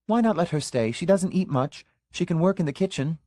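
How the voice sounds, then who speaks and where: A man voicing a sly young male servant who speaks quietly and matter-of-factly. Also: a little high, expressive, fairly quick, dry recording, clean studio sound, voice pushed up, close to an everyday voice. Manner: quiet, matter-of-fact, thinly amused.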